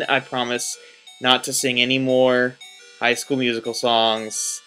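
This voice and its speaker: A man's voice: mid-range voice, little pitch movement, unhurried, pushed and bright. Young male let's-play commentator, rambling and self-mocking, faint game music behind. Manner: rambling, self-deprecating, jokey. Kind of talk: casual gameplay commentary.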